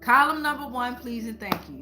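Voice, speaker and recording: A woman's voice: a little high, lively intonation, a little fast. A woman giving a live-streamed tarot reading, talking casually and with slang and swearing to her viewers in chat. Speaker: tarot reader. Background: faint background music.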